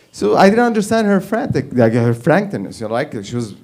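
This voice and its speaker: A man doing stand-up, ranting in an animated, profane way and laughing at his own jokes. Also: fairly high pitch, moderate pace. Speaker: stand-up comic. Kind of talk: stand-up comedy rant.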